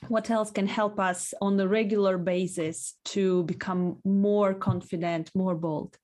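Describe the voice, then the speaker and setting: A woman at a middle pitch conducts an interview, posing open questions. She searches for her words a little, with a few fillers along the way. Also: steady tone, unhurried, a little mellow.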